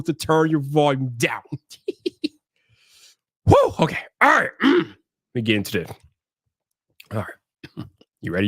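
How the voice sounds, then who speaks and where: High-voiced casual tech livestream host. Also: male voice, a bit bright, dry recording, clean studio sound. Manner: loose, joking, hype-man delivery with slangy phrasing. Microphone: streaming setup mic.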